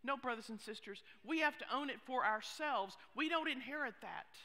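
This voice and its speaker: A woman pastor preaching a sermon, expressive, with hushed asides. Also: sits high, moderate pace. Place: church sanctuary. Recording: long reverb of a church hall.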